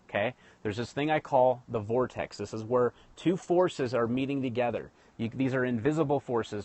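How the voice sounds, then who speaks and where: A man's voice: medium pitch, no room sound. A man hosting a live stream, talking casually to viewers about building rapport, with frequent restarts and direct address. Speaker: livestream host teaching sales rapport. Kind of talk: casual livestream teaching.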